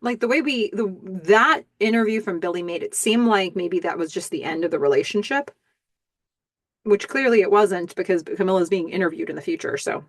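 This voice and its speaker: A woman hosting a podcast recaps a show in a lively, chatty way, full of ums and sudden jumps in pitch. Her voice sits at a middle pitch. The sound is dry and close. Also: fairly quick, dry recording. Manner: animated, chatty, many ums. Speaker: podcast host. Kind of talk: casual episode recap.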